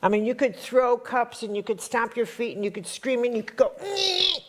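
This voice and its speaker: A woman's voice: a little high, fairly even intonation, brisk, darkish tone. Blunt, emphatic woman teaching a workshop. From Chicago area. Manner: emphatic, repeats lines for punch, blunt and streetwise. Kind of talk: live spiritual workshop talk. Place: workshop hall with an audience.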